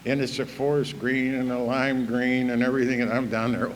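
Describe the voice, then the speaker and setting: A man's voice: mid-range voice, little pitch movement, fairly quick. An older man gives a personal recovery talk in a plain, down-to-earth voice. His storytelling is folksy and earthy, with a "you know" here and there. He speaks to a meeting hall, with a faint room hum behind him. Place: evening recovery meeting hall, live audience.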